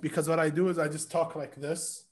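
A man's voice: on the high side, flat delivery, brisk. Young man telling funny family stories. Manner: laughing, storytelling, swearing casually. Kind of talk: casual chat.

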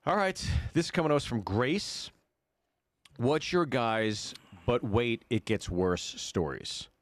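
A man in his thirties co-hosting a podcast, telling stories in a relaxed, teasing way. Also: medium pitch, takes it slowly, no echo. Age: 30s. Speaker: podcast co-host. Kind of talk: casual chat.

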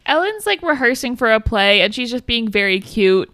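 A woman's voice: on the high side, very animated, moderate pace, fairly bright tone, no echo, studio quality. A young woman co-hosting a podcast, chatting casually about a film, swearing freely and acting out the characters' lines. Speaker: podcast co-host. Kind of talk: casual chat recapping a film.

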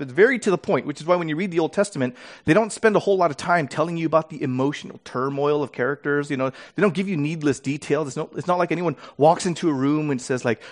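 A man preaching a sermon, reading scripture dramatically and explaining it in a casual, animated way with fillers and restarts. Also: on the high side.

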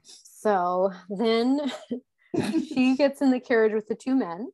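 A woman co-hosting a podcast, recapping a reality show from her notes in animated casual chat, laughing often. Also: fairly high pitch, takes it slowly, dry recording. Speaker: podcast co-host.

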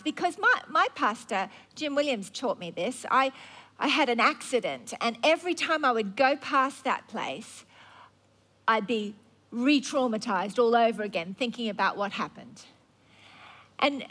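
A woman's voice: high voice, animated, a little slow, pushed and bright. A woman preacher telling a Bible story in a sermon, conversational and wry.

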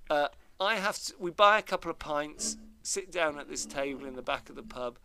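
A man's voice: a little high, lively intonation, normal speed, creaky, sharp tone, a little hiss or hum. A middle-aged man from Devon, telling a self-mocking anecdote in casual chat. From Devon, England.

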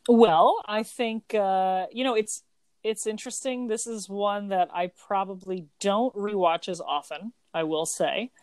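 A woman's voice: mid-range voice, measured pace, a little mellow, no echo. A woman in her thirties, co-hosting a podcast, chatting at length in a rambling, think-aloud way. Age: 30s. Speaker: podcast co-host. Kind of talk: casual chat.

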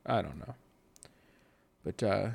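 A man's voice: sits low, slow pace, gravelly, slightly rough, no room sound, studio quality. A young man co-hosting a podcast, telling a rambling story in casual chat with lots of fillers. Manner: animated, rambling with many fillers. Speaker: podcast co-host.

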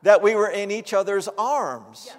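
A man's voice: high voice, measured pace. A man preaching in a conversational style, telling a story with animation and acting out the laughter and voices in it. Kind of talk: conversational sermon teaching. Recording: long hall reverb.

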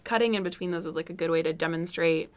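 A woman's voice: fairly low pitch, quick pace, darkish tone. Joking, opinionated woman podcast co-host. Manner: opinionated, joking, talkative with many fillers. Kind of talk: casual chat.

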